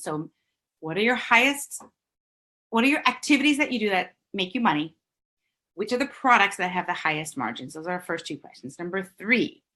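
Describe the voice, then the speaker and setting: A middle-aged woman giving a brisk, emphatic business coaching talk on a live stream, reading out viewer comments as she goes. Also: medium pitch, sharp tone.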